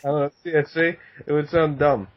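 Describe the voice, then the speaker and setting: A man's voice: a little high, fairly even intonation, fairly quick. Casual male podcast guest, profane, laughing storyteller, dull lo-fi recording. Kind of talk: casual chat. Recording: dull lo-fi sound.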